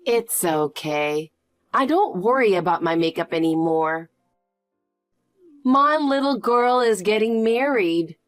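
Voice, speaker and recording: A woman's voice: medium pitch, expressive, takes it slowly, no room sound, studio quality, soft background music. A woman voicing a loving, tearful middle-aged foster mother in a scripted story reading. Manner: emotional, gushing.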